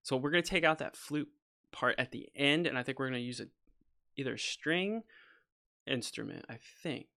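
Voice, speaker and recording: A man talks through his music session on a livestream, rambling and opinionated, often restarting his sentences. His voice is bright and a little tense, and he sits in a home studio as he works. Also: mid-range voice, moderate pace, creaky. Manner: rambling, restarts often, says "freaking" and "you know"; opinionated, goes off on a soapbox. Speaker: composer streaming a session. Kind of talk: casual livestream talk while working.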